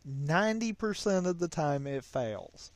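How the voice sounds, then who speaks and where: A man's voice: fairly high pitch, very animated, unhurried, no room sound. A man co-hosting a gaming show, chatting casually and a bit self-deprecatingly while watching a demo. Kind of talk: casual gameplay chat.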